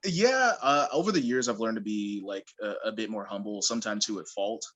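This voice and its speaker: Young guy rattling off wrestling stories quick, lowish voice, laughs a lot. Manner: animated storyteller, laughs often, acts out quotes. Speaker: guest, pro wrestler. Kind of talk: casual interview chat.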